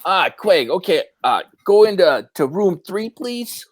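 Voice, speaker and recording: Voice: medium pitch, big pitch swings, a little slow, dry recording, clean studio sound, voice pushed up. A man voicing a fussy male doorman who checks names and counts the people coming in.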